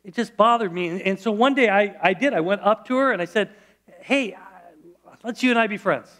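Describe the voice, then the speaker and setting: A man's voice: high voice, a little fast, a bit bright. A middle-aged male pastor preaching a sermon in church, conversational and storytelling, with frequent restarts.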